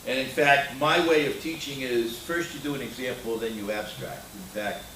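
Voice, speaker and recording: A man's voice: medium pitch, moderate pace, noisy background. An older man giving a conference keynote, opinionated and anecdotal, with frequent filler words. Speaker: keynote speaker. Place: conference hall. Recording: roomy hall sound from a distant mic.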